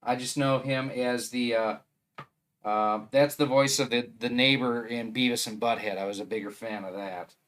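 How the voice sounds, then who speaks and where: A man's voice: medium pitch, fairly even intonation, moderate pace, fairly bright tone. A man with a Wisconsin accent chatting casually on a live stream, rambling and thinking aloud as he assembles a 3D printer.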